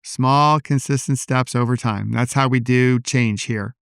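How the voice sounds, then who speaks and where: A man hosting a solo podcast, talking in a calm, personal, reflective way into a podcast microphone. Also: medium pitch, unhurried, gravelly, smooth, no room sound, studio quality. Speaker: podcast host.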